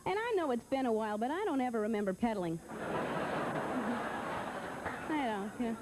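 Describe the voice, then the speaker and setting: A woman doing halting, deadpan stand-up comedy with lots of hesitant fillers. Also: fairly high pitch, background noise.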